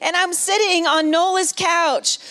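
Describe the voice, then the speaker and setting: A middle-aged woman giving a sermon at a women's retreat, telling a personal story. She moves between hushed and loud, repeats phrases for emphasis and jokes with the audience. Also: extremely high pitch, steady tone, a little slow. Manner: emotional, builds from hushed to loud and back. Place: large room at a women's retreat.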